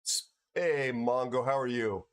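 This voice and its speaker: Tired, halting American man. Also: medium pitch, clean tone. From United States. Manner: rambling, halting, many restarts and fillers. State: tired from no sleep. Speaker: livestream host. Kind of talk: casual livestream chat with viewers.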